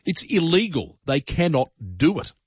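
A man's voice: a little high, animated, moderate pace, breathy edge, dry recording. An Australian man hosting a talkback radio show, chatting in a conversational, opinionated way with many fillers. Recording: dull lo-fi radio broadcast.

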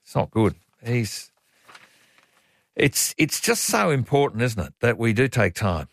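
A man's voice: mid-range voice, big pitch swings, measured pace, vocal fry, dry recording. A man with an Australian accent hosting talk radio, emphatic and blunt, often repeating himself as he airs his opinions. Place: radio studio. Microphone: studio microphone.

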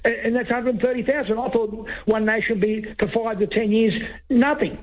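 A man's voice: very high voice, fairly even intonation, a little fast, a crowd in the background. A man calling a talkback radio show, arguing heatedly, repeating words and talking over the host. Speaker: radio caller. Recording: tinny phone line.

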